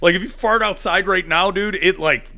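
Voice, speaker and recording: Here the podcast co-host, a man in his thirties, is mid-story in a casual chat, laughing and acting out the other people's voices. He has a high voice with a sharp tone and talks at a normal speed.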